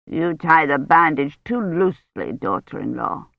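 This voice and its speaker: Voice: medium pitch, very animated, unhurried, vocal fry, no room sound, full character voice. An audiobook narrator voicing a stern, scolding old grandmother in a reproving manner. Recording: dull, lo-fi dry recording.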